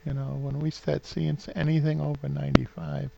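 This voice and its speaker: A man's voice: fairly high pitch, flat delivery, fairly quick, creaky, dull audio, heavy background noise. A man in his fifties with a New England accent rambles sentimentally through a home vlog, full of fillers and restarts. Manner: sentimental, gets openly emotional. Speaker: vlogger.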